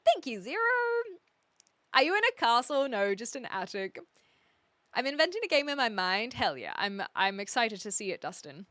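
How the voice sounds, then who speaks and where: Woman game streamer, easy rambling chat with viewers, bright and dry close-up sound. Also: fairly high pitch, no echo. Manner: chatty, rambling, frequent restarts and laughs. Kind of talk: casual chat with live viewers. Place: home attic.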